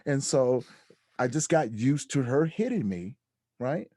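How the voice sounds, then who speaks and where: A man on a podcast as a guest, telling his personal story in a reflective way that turns animated when he quotes others. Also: mid-range voice, a little slow, dry recording, clean studio sound. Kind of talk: candid storytelling interview.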